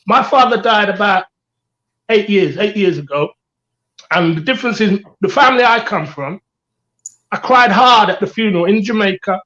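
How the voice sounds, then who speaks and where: A man's voice: high voice, normal speed, pushed and bright, muffled recording. A middle-aged man co-hosting a candid panel chat, earnest and reflective, repeating his key phrases. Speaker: co-host.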